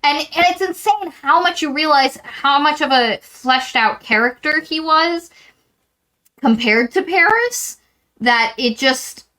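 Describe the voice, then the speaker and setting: A woman co-hosting a book podcast, recapping a novel in a rambling, animated way and acting out quotes from it. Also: high voice, measured pace, rough recording. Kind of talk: casual book discussion.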